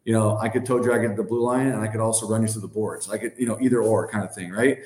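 A man's voice: fairly low pitch, fairly even intonation, fast talker, darkish tone. A man in his thirties, a podcast guest, telling casual stories that ramble and lean heavily on fillers like "like" and "you know". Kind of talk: casual storytelling. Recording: roomy echoey sound.

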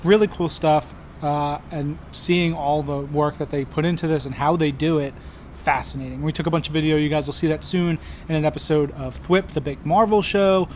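Lively, teasing man reporting on a podcast. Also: on the high side, normal speed, a little hiss or hum. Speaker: podcast correspondent. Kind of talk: casual banter.

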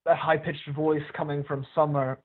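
Man, husky voice, tinny phone-like line, blunt casual podcast chat. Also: a little high, flat delivery, brisk. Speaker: music podcast panelist.

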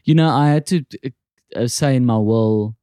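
A man's voice: medium pitch, moderate pace, mellow, clear, resonant tone, dry recording, clean studio sound. A male podcast host from South Africa who asks probing questions with frequent hesitations. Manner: probing, hesitant, restarts often. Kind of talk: casual interview.

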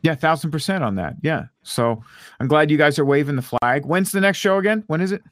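A man's voice: on the high side, animated, fairly quick, dry recording, clean studio sound. Rambling man podcast host. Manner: rambling, filler-heavy. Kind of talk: casual podcast chat.

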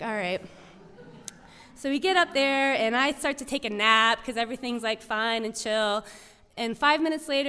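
A woman's voice: fairly high pitch, a bit bright, clear, resonant tone. A woman telling a personal story to an audience, in a chatty way full of "like" and "um". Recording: long reverb of a hall.

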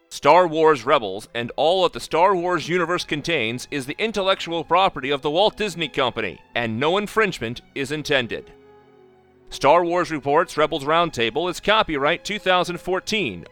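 A man reading a podcast's closing credits as a scripted announcement, in a steady, clear delivery. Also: a little high.

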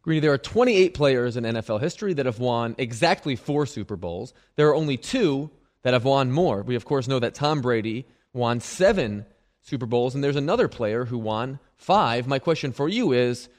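A man's voice: medium pitch, animated, normal speed. A man who's a regular on a sports talk radio show, stubborn and earnest in casual banter. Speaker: show regular, trivia giver.

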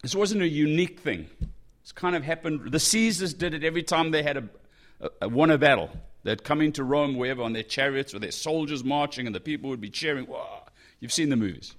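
A man preaching a sermon in a conversational, animated way, breaking into exclamations as he reads and explains a passage. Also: a little high, fairly quick. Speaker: pastor.

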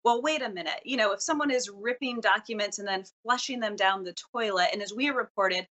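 Bright-voiced woman news reporter. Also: mid-range voice. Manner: articulate, brisk, self-correcting. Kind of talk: news interview answers.

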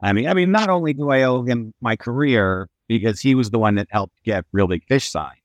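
A middle-aged man chatting on a podcast, his pitch swinging widely as he tells stories and acts out quotes. The sound is dry and close. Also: brisk, dry recording, dull audio. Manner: animated storyteller, acts out quotes. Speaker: guest musician. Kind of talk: casual podcast chat.

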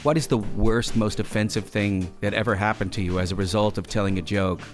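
A man with a low voice conducting an interview. He asks short, probing questions in a plain, conversational way, over faint music. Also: fairly even intonation, a little fast.

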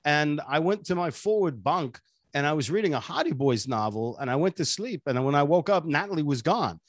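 A man doing an impression of a famous older male film actor, with a halting, offbeat deadpan cadence. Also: a little high, no echo, clean studio sound.

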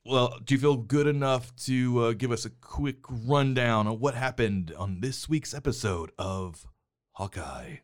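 A man's voice: mid-range voice, a little slow. A middle-aged man co-hosting a movie podcast with his son, chatting casually in a teasing, bossy way and laughing often. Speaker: podcast co-host, father. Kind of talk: casual chat about movies and TV. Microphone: headphones and studio mic.

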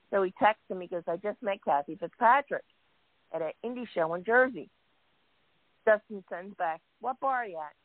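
A woman tells stories in an easy, chatty way, acting out what people said and clearing her throat now and then. Her voice comes over a thin, phone-like line, with no room sound around it. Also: mid-range voice, animated, normal speed, pauses often, no room sound. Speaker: guest wrestling fan. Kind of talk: casual storytelling chat. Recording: tinny phone line, dry.

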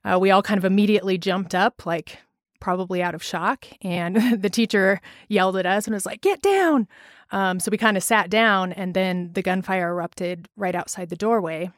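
A woman in her thirties from Colorado, a teacher slowly recalling events in an interview with frequent pauses. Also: mid-range voice, little pitch movement, no echo, clean studio sound. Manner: halting, reflective, with many pauses and fillers. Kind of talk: personal recollection in an interview.

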